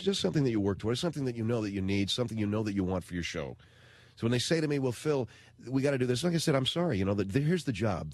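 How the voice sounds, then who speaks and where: A man's voice: on the low side, no room sound. A man hosting a radio talk show, ranting in a blunt, slangy, indignant way into a studio microphone.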